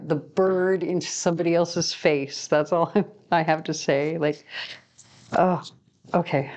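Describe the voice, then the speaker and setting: A woman reads tarot cards to her viewers in a loose, talkative way, wandering off on tangents and laughing at her own jokes. Her voice sits a little on the low side. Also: darkish tone. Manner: chatty and rambling, laughs often at herself. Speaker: tarot reader. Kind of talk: casual tarot reading to camera.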